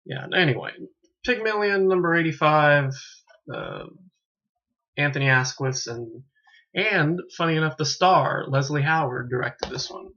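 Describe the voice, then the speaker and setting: A man's voice: on the high side, big pitch swings, measured pace, bright, forceful tone. A man casually reviewing a film, rambling and correcting himself as he stumbles over words. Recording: dull lo-fi home recording.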